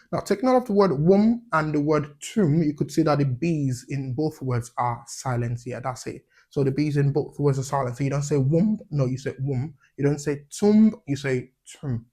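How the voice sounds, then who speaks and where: A man teaching English letter sounds, saying each example word slowly and clearly and checking in with "yeah?". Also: on the high side, darkish tone. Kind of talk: phonics lesson.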